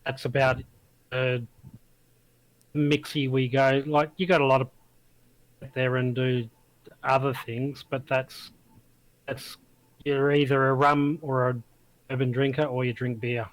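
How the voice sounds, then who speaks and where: A man's voice: medium pitch, little pitch movement, a little slow, long pauses, dry recording, poor audio. An Australian man speaking as a guest, laid-back and wry in casual conversation. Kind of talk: casual chat.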